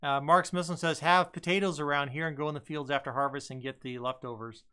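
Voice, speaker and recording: A man's voice: fairly high pitch, steady tone, quick pace, bright, forceful tone, clean tone. A man co-hosting a live stream, reading viewer comments aloud in an easygoing way with plenty of "uh"s. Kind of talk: casual live-stream chat.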